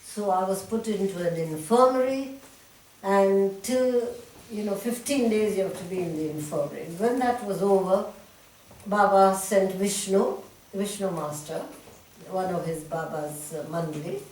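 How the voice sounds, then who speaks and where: A woman's voice: medium pitch, moderate pace. An older woman from India, animatedly retelling memories with frequent laughs in an interview. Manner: animated storyteller, laughs often, lively retelling. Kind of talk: reminiscing conversation. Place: talk room at a centre. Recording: echoey room, distant mic, faint hiss.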